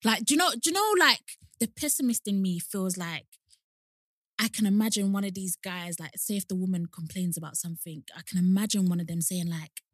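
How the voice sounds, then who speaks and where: A woman's voice: brisk, dry recording. Chatty young woman, dry sound. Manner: animated, repeats herself, acts out quotes in higher voice. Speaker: podcast co-host. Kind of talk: casual chat.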